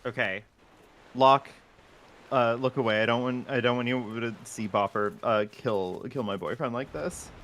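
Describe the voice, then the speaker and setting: Teasing man with a bright voice. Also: mid-range voice, highs cut off, a little hiss or hum. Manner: teasing, animated, quick jokes. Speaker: co-op player in a charity stream. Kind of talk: casual gaming chat with friends.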